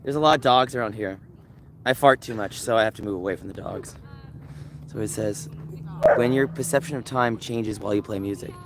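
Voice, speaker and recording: Walking through a dog park on a live stream, a man talks a little fast in a lowish, slightly bright voice. He rambles, reads the chat out loud, and addresses dogs. Barking and faint outdoor noise fill the background.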